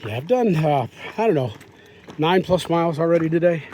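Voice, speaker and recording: A man's voice: on the high side, lively intonation, a little fast, a little hiss or hum. A man vlogging while hiking a forest trail, rambling casually into a phone he holds in his hand. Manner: rambling, chatty, talks softly to deer. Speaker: hiker vlogger. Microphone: phone held in hand.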